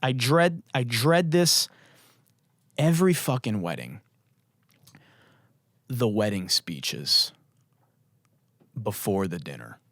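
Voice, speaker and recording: A hoarse young man talks through a solo podcast episode, his voice worn down but still swinging up and down with lots of expression. He rambles and swears freely in a jokey, casual way. The sound is dry and close, with no room around it. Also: lowish voice, animated, takes it slowly, pauses often, fairly bright tone, dry recording. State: hoarse, voice mostly gone. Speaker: podcast host.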